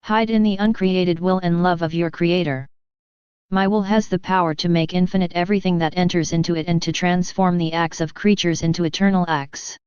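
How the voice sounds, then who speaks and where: A woman reading the lines of a gentle, sorrowful divine male speaker in a solemn, tender, unhurried way, with a smooth, clear voice. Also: fairly low pitch, fairly even intonation, dry recording, close to an everyday voice. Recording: dull lo-fi dry reading.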